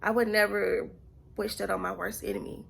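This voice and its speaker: A young woman vlogger telling a personal story in an earnest, halting way, often repeating herself and sometimes dropping to a near whisper. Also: mid-range voice, fairly even intonation, gravelly, slightly rough.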